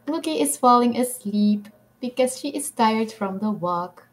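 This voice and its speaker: A woman's voice: fairly high pitch, lively intonation, measured pace, few pauses, a little hiss or hum. A woman hosting a casual livestream, reading viewers' comments aloud and answering them with frequent ums and little laughs. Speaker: livestream host.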